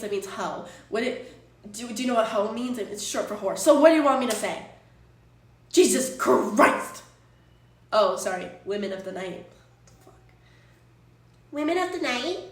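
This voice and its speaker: Exasperated streamer woman, echoey and distant. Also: medium pitch. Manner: exasperated, rambling, swears freely. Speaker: Twitch streamer. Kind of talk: casual chat stream. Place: apartment room. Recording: echoey room, distant from mic.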